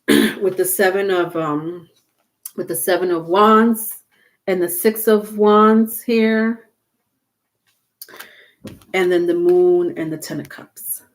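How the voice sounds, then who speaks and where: Woman, tarot reader, casual livestream reading, slightly low voice, rambling, halting, lots of fillers.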